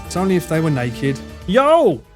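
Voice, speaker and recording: A young man with a London accent chatting casually on a live stream, animated and bantering, swearing freely. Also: a little high, moderate pace, over music. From England.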